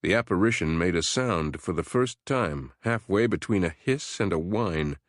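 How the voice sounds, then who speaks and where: A man narrating a horror audiobook in a measured, steady storytelling voice. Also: sits low, no room sound, studio quality.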